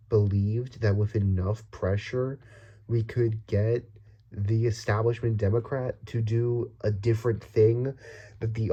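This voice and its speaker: A man's voice: mid-range voice, dark tone, dull audio. Rambling young man from the Dominican Republic. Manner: rambling, restarts often, swears, laughs nervously. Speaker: vlogger. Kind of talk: casual political rant.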